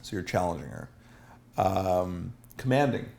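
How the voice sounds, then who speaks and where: A man's voice: low-pitched, lively intonation, unhurried, gravelly, a little mellow, a little hiss or hum. A man teaching a seminar as a dating coach, asking the room questions and acting out example lines.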